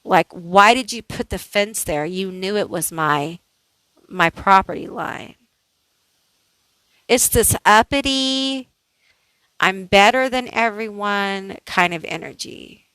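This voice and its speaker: Woman tarot reader, casual and unhurried, talks it through with lots of "like"s, dry recording. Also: mid-range voice, lively intonation, sharp tone, smooth, no room sound, rough recording. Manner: slow, thinking aloud, chatty with many "like"s. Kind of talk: casual pick-a-card tarot reading.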